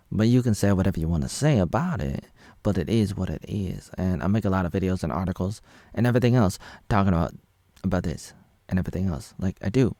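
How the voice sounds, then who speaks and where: A man's voice: deep voice, mellow, no echo, studio quality. A man in his thirties from Oregon, USA, rambling through a casual monologue and correcting himself as he reads his own posts aloud. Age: 30s. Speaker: vlogger.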